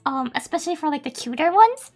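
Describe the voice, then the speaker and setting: A woman's voice: high voice, expressive, quick pace, faint music behind. A woman from Japan, a native Japanese speaker with a Japanese accent, chatting casually on a live stream and reading out viewer messages in a giggly, cutesy way.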